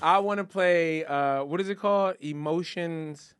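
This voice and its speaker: Co-host: high, bright man, relaxed banter, dry studio. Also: measured pace, smooth, no echo. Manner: laid-back, banters and sets up segments. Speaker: podcast co-host. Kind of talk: casual comedic chat. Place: podcast studio.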